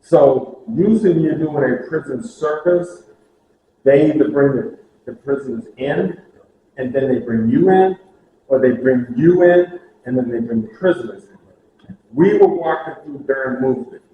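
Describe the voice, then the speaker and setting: A man's voice: medium pitch, moderate pace, phone-quality sound. Storytelling man in a very echoey hall. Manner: animated, acts out dialogue, laughs at own stories. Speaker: prison ministry speaker. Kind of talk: storytelling talk to a group. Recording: very echoey room with faint hiss.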